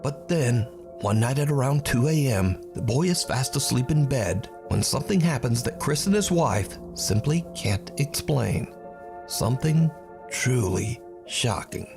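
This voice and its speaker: A man narrates a scripted story with suspense, his pitch rising and falling widely as he builds tension. Loud music runs under his voice throughout. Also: lively intonation, measured pace, vocal fry.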